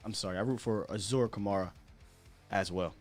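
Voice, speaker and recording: A man hosting a casual sports show, chatty and animated, often asking rhetorical questions and laughing at himself. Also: on the low side, fairly quick, soft background music. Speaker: sports podcast host.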